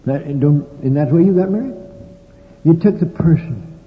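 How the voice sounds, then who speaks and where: An older male preacher delivers a sermon in a folksy, story-telling way, with dry humorous asides. His voice sits a little high. The sound is tinny, as on an old recording, with a long echo from a large hall. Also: animated, normal speed.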